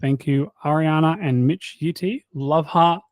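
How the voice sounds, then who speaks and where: A man's voice: fairly high pitch, unhurried, dry recording. A man hosting a health channel in casual chat, reading out a list of subscriber names with jokes and stumbling over the harder ones. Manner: jokey, stumbles over hard names with quips. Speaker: health coach and channel host.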